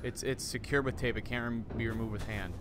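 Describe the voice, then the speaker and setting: A young man streaming a horror game, talking to his chat in an excitable, jumpy way with lots of swearing. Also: mid-range voice, fairly quick, noisy background. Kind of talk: live gameplay commentary. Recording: voice over game music. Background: game music.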